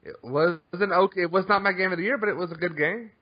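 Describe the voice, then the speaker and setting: A man's voice: high-pitched, quick pace. A man co-hosting a gaming podcast, insistent and stubborn in casual argument. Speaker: podcast co-host. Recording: dull lo-fi sound.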